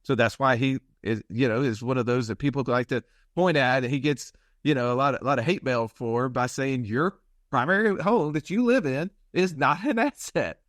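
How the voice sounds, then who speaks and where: A man's voice: medium pitch, moderate pace, a bit bright, dry recording, clean studio sound. A man hosting a podcast, talking casually and explaining ideas, often checking in with "right?". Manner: conversational, explains with repeated "right?". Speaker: podcast host.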